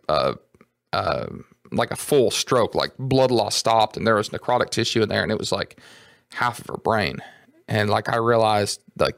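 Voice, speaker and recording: A man hosting a podcast, retelling a painful family story in an earnest, halting way with many restarts. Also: mid-range voice, fairly bright tone, no room sound, studio quality. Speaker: podcast host. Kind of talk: personal storytelling.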